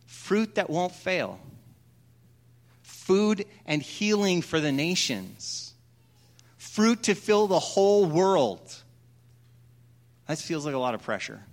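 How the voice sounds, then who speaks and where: A man delivers a sermon with a fairly high voice. He speaks in a relaxed, conversational way and slips into a story with little acted voices before going back to scripture. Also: slow pace, pauses often. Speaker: pastor.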